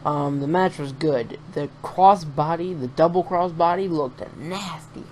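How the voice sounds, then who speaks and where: A man's voice: a little high, unhurried, darkish tone, a little hiss or hum. A man talking casually in a reaction vlog, reviewing a wrestling show in a profane, rambling, opinionated rant.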